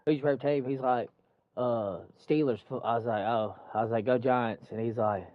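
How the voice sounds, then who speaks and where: A man's voice: medium pitch, brisk, no echo. Cussing man telling a work story. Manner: profane, animated retelling with quoted dialogue. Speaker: construction worker telling a story. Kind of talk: casual storytelling chat. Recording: dull muffled dry recording.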